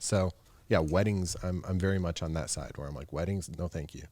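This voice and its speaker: Deep-voiced man in casual chat. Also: a little fast, mellow. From United States. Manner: chatty, laughs often, acts out quotes. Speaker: guest photographer. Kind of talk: casual podcast interview.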